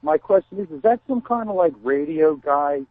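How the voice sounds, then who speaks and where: A man's voice: on the high side, animated, moderate pace. A man calling in to a talk show, eager and rambling with many fillers. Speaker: caller. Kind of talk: phone-in chat. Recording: dull lo-fi phone line.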